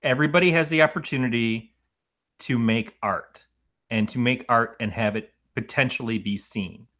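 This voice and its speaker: A middle-aged man co-hosting a movie podcast, talking casually and rambling between points. His voice is bright and forceful. He is animated and swears freely. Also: mid-range voice, moderate pace. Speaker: podcast co-host.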